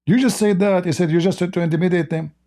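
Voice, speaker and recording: A man's voice: high voice, steady tone, quick pace, mellow. A man hosting a heated live-streamed debate, arguing with sarcastic, mocking questions in non-native English grammar. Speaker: debate host.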